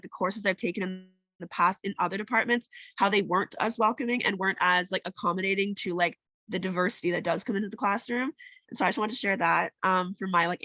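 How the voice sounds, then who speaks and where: A young woman student with a slightly raspy voice after a cold, chatting on a webinar panel and saying "like" often. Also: medium pitch, pushed and bright, no echo. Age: young adult. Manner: chatty, heavy use of "like". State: just over a cold. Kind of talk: panel discussion. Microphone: video call.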